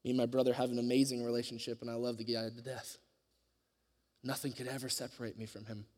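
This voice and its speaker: An earnest man delivers a sermon, building his story with loud surges and dropping into near-whispers. His voice sits at an ordinary middle pitch. The sound carries a long reverb, as in a large church hall. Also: level tone, fast. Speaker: preacher.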